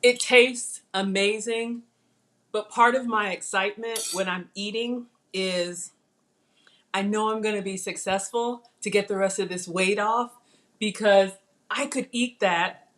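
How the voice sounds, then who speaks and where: A middle-aged woman, chatting excitedly while cooking live and tasting food. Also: medium pitch, unhurried. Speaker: cooking livestream host. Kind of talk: casual live cooking chat.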